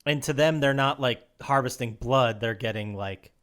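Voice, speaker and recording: A man co-hosting a podcast, retelling a video game story in casual chat, animated and quick to laugh, with restarts. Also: mid-range voice. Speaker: podcast co-host.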